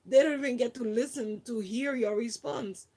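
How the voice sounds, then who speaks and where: A woman with a voice on the high side but a dark tone speaks at normal speed. She's a volunteer telling a personal story in a casual, chatty way, using lots of fillers and acting out quotes.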